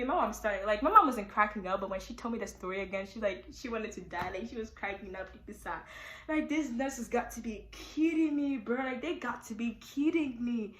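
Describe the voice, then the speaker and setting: A woman's voice: a little high, a little hiss or hum. Teen girl rambling through a storytime, lots of likes and you knows, echoey room. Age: teens. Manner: chatty, animated, with many fillers. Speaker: vlogger. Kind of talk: casual storytime.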